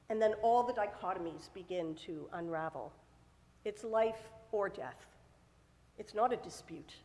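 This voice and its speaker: Woman rabbi, sermon delivery, acts out quoted lines; slightly high, very expressive pitch. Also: in a large hall. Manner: animated storytelling, acting out quoted voices. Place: synagogue sanctuary.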